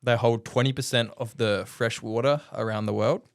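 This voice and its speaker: A man's voice: medium pitch, fairly even intonation, normal speed, creaky, no room sound, studio quality. A young man from Australia co-hosting a casual podcast, joking and reading segment notes. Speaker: podcast co-host. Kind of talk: casual chat.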